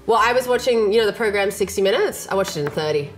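A woman's voice: mid-range voice, animated, quick pace. A young woman trading jokes in casual banter, giggly and often breaking into laughter. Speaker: joke teller in a laugh challenge. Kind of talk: casual joke-telling banter. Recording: loud music bed.

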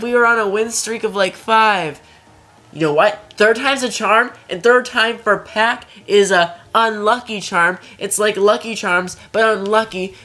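Excitable young woman trash-talking a fighting game. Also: mid-range voice, a little slow. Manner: playful trash talk, frantic repeated cries. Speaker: let's play gamer. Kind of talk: excited gameplay commentary.

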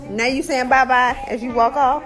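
A woman's voice: high-pitched, steady tone, moderate pace. A woman filming her children at home, coaxing and teasing them in a playful, casual way. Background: music.

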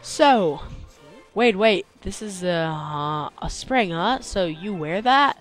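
Tired, excitable young man gaming. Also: high voice, slow pace. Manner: excitable, complaining, with sudden yelps. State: tired, yawning. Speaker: let's play host. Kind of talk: gameplay commentary. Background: faint game music.

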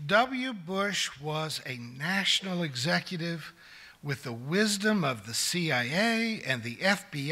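A man's voice: sits high, pushed and bright. A man in his sixties, a pastor delivering a sermon to his congregation in an earnest manner that builds to emphatic declarations. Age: 60s. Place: church sanctuary.

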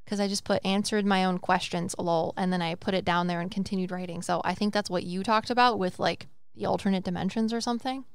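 This young woman, a psychic medium co-hosting a relaxed podcast, rambles energetically, swears, and performs quotes in different voices. She's a fast talker with few pauses, medium in pitch, with a clean tone and no echo.

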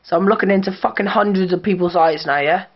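A man's voice: sits high, quick pace. Drunk young man, slurred and boastful, talking to his camera on muffled lo-fi audio. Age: young adult. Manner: slurred boastful slang-heavy rambling. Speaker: vlogger. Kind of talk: casual drunk vlog.

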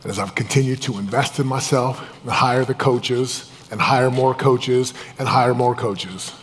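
A man giving a live motivational talk as a business coach, intense and emphatic, swinging between loud pushes and hushed, low confessions. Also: steady tone, unhurried, breathy edge. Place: event room with a live audience. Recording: long reverb of a large hall.

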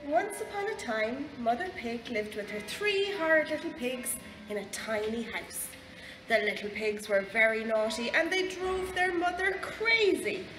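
A woman with an Irish accent reading a picture book aloud to children in a library, slow and expressive. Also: a little high. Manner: slow, expressive, lively storytelling. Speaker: library storyteller. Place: library room. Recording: echoey library room, faint background noise.

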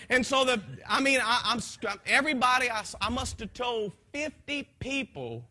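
A high, bright-voiced man tells his testimony in church. His voice is husky, and his delivery swings from quiet to shouting. He repeats phrases and talks in a folksy way. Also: lively intonation, normal speed, few pauses. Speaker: speaker giving a testimony.

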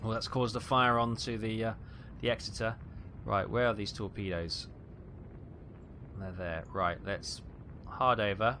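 Bright-voiced man commentating a naval game. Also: lowish voice, unhurried, a little hiss or hum. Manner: tense, excitable, calling out fire orders. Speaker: gameplay commentator. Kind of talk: live gameplay commentary.

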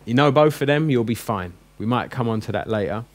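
A man teaches a room full of adult learners. He keeps a chatty, joking tone and slows down to drill each sound. His pitch sits in the middle range. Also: animated. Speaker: Greek teacher. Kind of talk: classroom lesson. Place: classroom with a group.

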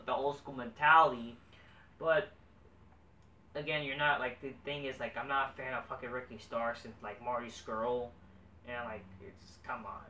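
A man's voice: a little high, sharp tone, recorded from a distance. A man reviewing a wrestling show in a casual, exasperated rant, swearing constantly. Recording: echoey room, off-mic, faint background noise.

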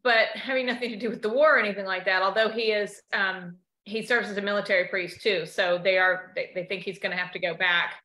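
A woman from the United States co-hosting a casual chat, telling stories animatedly in quick bursts. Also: medium pitch, fairly even intonation, pushed and bright. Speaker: podcast co-host. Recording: roomy echo.

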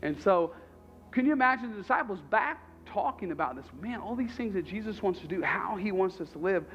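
A man's voice: high voice, lively intonation, brisk, a bit bright, highs cut off, soft background music. A man preaching a sermon as pastor, talking conversationally and animatedly and repeating his phrases.

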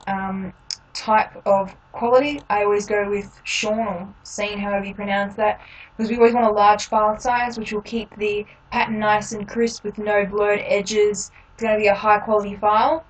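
A woman hosting a step-by-step software tutorial, explaining each click in a relaxed way with frequent ums. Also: medium pitch, moderate pace, recorded from a distance, rough recording. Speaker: tutorial host.

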